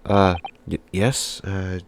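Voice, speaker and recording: A man reading video game dialogue aloud as a let's play narrator, casual and halting. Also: sits low, steady tone, background noise. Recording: game music behind voice.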